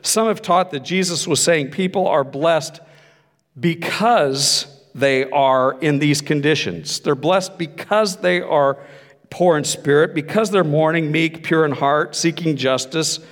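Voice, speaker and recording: A man's voice: fairly high pitch, a little slow, in a large hall. A man pastor preaching a sermon in a conversational, reflective way. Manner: conversational, reflective, with frequent restarts.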